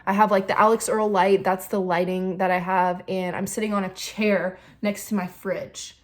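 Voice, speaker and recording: Young woman, casual storytime vlog, fast chatty talk with ums and likes, recorded on a phone. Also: medium pitch, level tone. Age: 20s. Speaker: YouTuber. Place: home kitchen, seated by the fridge. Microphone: phone camera.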